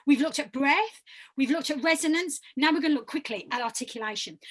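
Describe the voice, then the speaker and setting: A woman with a high, bright-sitting voice leads vocal warm-ups over a video call as a voice workshop leader. She encourages her students and demonstrates each sound herself.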